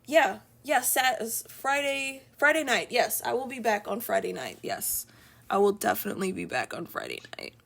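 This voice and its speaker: Chatty streamer woman with a gravelly voice. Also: a little high, sing-song, moderate pace, a bit bright. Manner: chatty, rambling, laughs often. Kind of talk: casual live-stream chat while drawing. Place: home. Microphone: streaming from an iPad.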